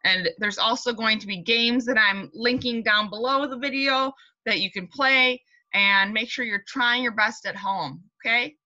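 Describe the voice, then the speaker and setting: A young woman teacher reading a picture book aloud and leading a morning meeting for young children in a slow, sing-song, encouraging way, recorded at home. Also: on the high side, highs cut off. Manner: sing-song, warm and encouraging, speaking slowly and clearly to small children.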